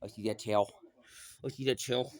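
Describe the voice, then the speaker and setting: A man's voice: mid-range voice, fairly even intonation, normal speed. A man indoors doing playful baby talk to his dog, teasing in a sing-song way and repeating each phrase. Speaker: pet owner filming his dog. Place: inside a house.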